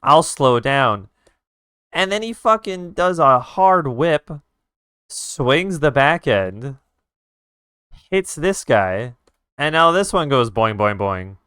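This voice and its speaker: Male streamer, casual and profane storyteller, smooth voice, dry close mic. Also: fairly high pitch, takes it slowly, no room sound. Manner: animated, profane retelling with sound effects.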